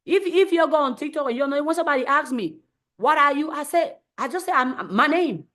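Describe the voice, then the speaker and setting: Emphatic high-voiced woman giving a pep talk. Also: animated, fairly quick, fairly bright tone. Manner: emphatic, repeats phrases for effect; acts out voices in quotes. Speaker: live stream host. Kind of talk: motivational live stream talk.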